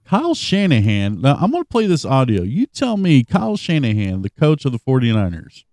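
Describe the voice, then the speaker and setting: A man's voice: medium pitch, a little fast, hardly any pauses, dry recording. A man co-hosting a sports podcast, chatting casually and animatedly and playing clips. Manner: animated, laughing, plays clips. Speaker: podcast co-host.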